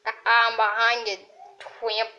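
A woman commenting on a game she is playing, excitable and full of yelps and exclamations. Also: fairly high pitch, slow, highs cut off, a little hiss or hum. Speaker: gamer. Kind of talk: let's play commentary.

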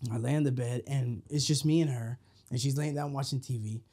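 A man's voice: medium pitch, brisk, husky. A man in his thirties telling profane stories in a casual podcast chat, recorded on a studio microphone. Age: 30s. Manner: animated, profane storytelling. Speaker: podcast host.

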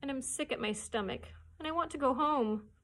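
A woman reading aloud and voicing a lost, sick six-year-old boy in a high, tearful voice. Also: a little fast, a bit bright.

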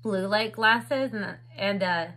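A woman in her thirties talks casually to her camera at home as she unboxes makeup. Her bright, forceful voice sits at an everyday pitch, and she rambles freely with plenty of "like" and "um" fillers. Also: slow pace, rough recording. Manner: chatty, filler-heavy with lots of "like" and "um". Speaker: beauty vlogger. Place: home, indoors. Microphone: camera on a stand with ring light.

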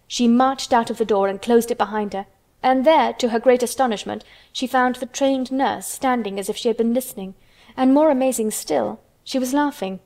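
A woman reading a children's storybook aloud in steady, measured narration. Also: on the high side.

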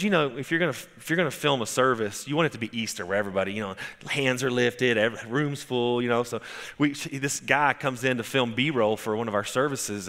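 A man's voice: mid-range voice, sharp tone, in a large hall. A man preaching a sermon as pastor, telling stories conversationally with frequent restarts. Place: church sanctuary.

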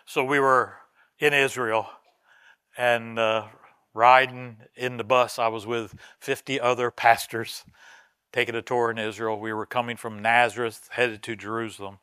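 A man preaching a sermon as pastor, telling a story with swings from soft asides to loud emphatic lines. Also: mid-range voice, flat delivery, unhurried, clear, resonant tone, no room sound, studio quality. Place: church sanctuary.

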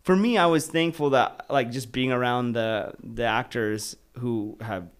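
A man's voice: medium pitch, unhurried, clean tone. A man hosting a casual podcast, encouraging his guest with frequent affirmations. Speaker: podcast host. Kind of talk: casual chat.

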